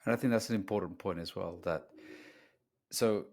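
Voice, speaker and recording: A middle-aged man co-hosting a podcast, speaking earnestly and getting animated when he quotes others. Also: low voice, normal speed. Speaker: podcast co-host, dating coach. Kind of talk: casual podcast conversation.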